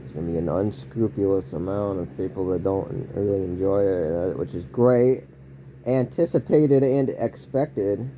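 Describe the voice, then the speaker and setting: A man rambles casually through a home vlog, reaching for odd, oversized words and now and then yelling something out. His voice sits low and mellow, with a dark, relaxed tone. A faint hum of background noise runs underneath. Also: moderate pace. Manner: rambling, odd word choices, occasional yelled outbursts. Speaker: vlogger. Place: indoors at home.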